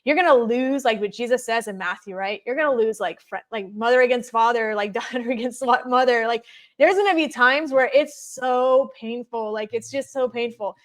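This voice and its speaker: Woman guest, somewhat high voice, rambling conversational storyteller with frequent fillers. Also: normal speed. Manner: chatty, many fillers of "like".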